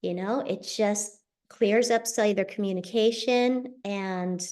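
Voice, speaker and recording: A middle-aged woman hosting a show, telling a personal story in a chatty, animated way over a video call. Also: mid-range voice. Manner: chatty, animated, quick asides. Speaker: host sharing a personal testimonial. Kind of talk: casual storytelling.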